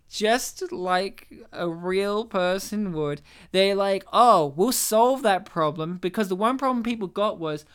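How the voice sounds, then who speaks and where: High-voiced ranting man. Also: fairly bright tone, clean tone. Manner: ranting, emphatic, swears freely. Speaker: podcast co-host. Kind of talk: casual chat.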